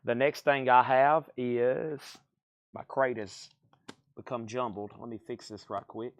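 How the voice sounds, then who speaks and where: A man runs a livestream vinyl record auction, keeping up fast live-sale patter of grades, prices and bids. He coughs now and then from allergies. His voice is mid-range, and the highs are cut off in the audio.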